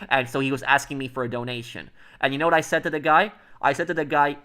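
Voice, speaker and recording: Fast-talking rambling male streamer. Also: mid-range voice, steady tone, sharp tone. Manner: rambling, many fillers and restarts. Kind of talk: casual livestream chat.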